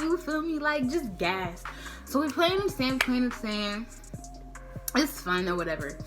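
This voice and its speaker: Lively, high-voiced woman telling a story. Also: normal speed, music in the background. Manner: slangy, profane, animated, acts out quotes. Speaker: storytime vlogger. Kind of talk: casual storytelling to camera.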